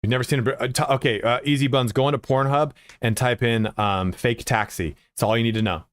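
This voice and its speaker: A man's voice: medium pitch, a little fast, no echo, clean studio sound. A man chatting casually and profanely with viewers as a game streamer, rambling with lots of filler words.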